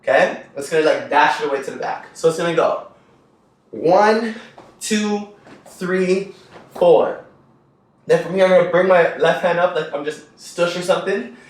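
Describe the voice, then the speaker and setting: A man's voice: sits high, normal speed, pauses often, distant mic. Upbeat man teaching dance in an echoey room. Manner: upbeat, counts beats and scats rhythms. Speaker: dance instructor. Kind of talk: dance tutorial instruction.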